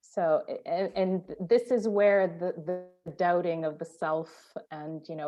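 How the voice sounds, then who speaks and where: A woman taking part in an online seminar over a video call, speaking in an earnest, halting way. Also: fairly low pitch, steady tone, mellow, faint music behind. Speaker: seminar participant.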